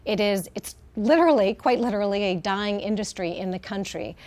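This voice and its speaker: The head of an animal welfare group, a middle-aged woman with a mid-range voice, appears on live TV as an interview guest. She sounds heartfelt, often using fillers and restarting her sentences.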